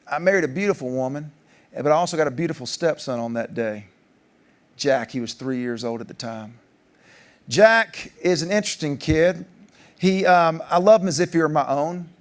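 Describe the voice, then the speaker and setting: A man, giving a keynote speech as a joking storyteller, his voice jumping up for punchlines. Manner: animated, jokey storyteller, pitch jumping up for punchlines. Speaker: keynote speaker. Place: large conference hall.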